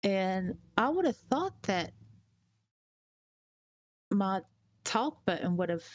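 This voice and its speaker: A woman from Tennessee, chatting casually on a live stream, rambling and halting with fillers as she reads out chat messages. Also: medium pitch, sing-song, dull audio. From Tennessee, USA.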